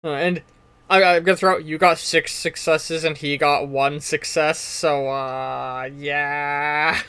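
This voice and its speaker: A man's voice: a little high, fairly even intonation, takes it slowly, sharp tone, clean tone, dry recording. A man running a tabletop game as game master, talking in a loose, joking, rambling way.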